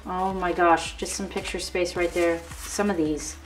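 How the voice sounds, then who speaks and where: In this casual crafting demonstration, a woman shows off her work in a gushing, chatty way. Her voice sits on the low side, with a steady tone and measured pace. Faint background music plays, and the mic sounds slightly far off.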